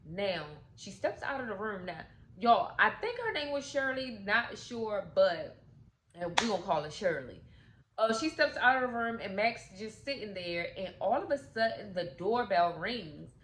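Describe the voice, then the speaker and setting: A woman's voice: medium pitch, very animated, moderate pace, a bit bright. Chatty woman recapping a movie, roomy. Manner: chatty, many "like" fillers, slangy, acts out characters' lines. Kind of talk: casual movie recap storytelling. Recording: roomy echo with faint noise.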